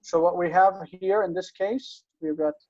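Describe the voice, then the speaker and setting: A Hebrew teacher gives a patient online grammar lesson, heard through muffled video call audio and peppered with fillers and restarts. The voice is medium-pitched, gravelly, and a little mellow, with lively intonation at a normal speed.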